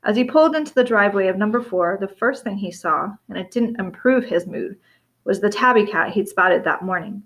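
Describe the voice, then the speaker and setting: Lady reading a storybook out loud, mid pitch, steady, little slips here and there. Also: a little fast. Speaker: reader. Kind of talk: audiobook reading of a novel.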